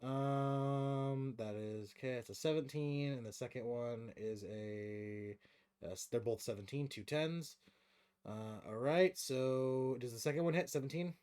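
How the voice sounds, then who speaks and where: A man's voice: medium pitch, measured pace, a little mellow, smooth. Man narrating as game master. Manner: muttering rules and dice rolls, then vivid descriptive narration. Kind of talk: narrating a tabletop game on stream.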